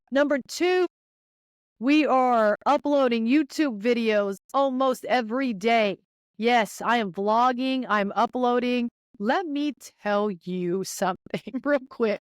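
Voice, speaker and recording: A young woman hosting her podcast, giving listeners an energetic, chatty pep talk and speaking right to them. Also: mid-range voice, smooth, no echo, studio quality. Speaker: podcast host. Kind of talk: casual motivational monologue.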